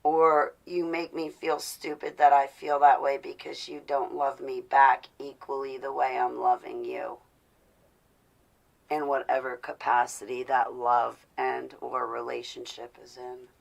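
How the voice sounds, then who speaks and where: A woman speaks to her live-stream audience in a slow, gravelly voice with plenty of fry. Her delivery is intense and confessional, and her pitch stays fairly flat. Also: poor audio. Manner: intense, confessional, rising to indignant. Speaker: vlogger speaking to live viewers. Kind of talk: casual live-stream talk.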